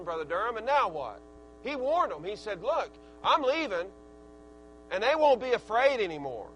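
High-voiced earnest man preaching. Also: very animated, moderate pace, a little hiss or hum, poor audio. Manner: folksy and earnest, with swings of loudness. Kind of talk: sermon.

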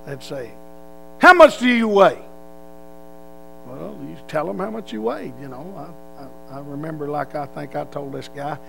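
Gravelly older man reminiscing plainly. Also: on the high side, normal speed, a little hiss or hum. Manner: plain-spoken, rambling, colloquial grammar. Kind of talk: casual spoken recollection.

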